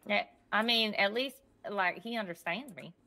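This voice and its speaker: A woman's voice: mid-range voice, normal speed, sharp tone, close to an everyday voice. A woman voicing a ditzy, chatty young woman in a roleplay game, wandering off mid-sentence. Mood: airy chatty. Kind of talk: in-character roleplay chat.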